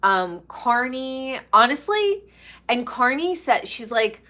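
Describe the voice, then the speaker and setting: A woman's voice: on the high side, big pitch swings, slow pace, bright, forceful tone. A woman from New York chatting casually and gossipily as a pop culture commentator, drawing out her words for emphasis. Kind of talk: casual chat.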